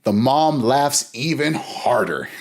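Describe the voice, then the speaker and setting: A man's voice: medium pitch, lively intonation, very slow, vocal fry, slight background noise. A man, a podcast guest, telling a casual rambling story with frequent restarts. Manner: rambling, with many restarts and laughter.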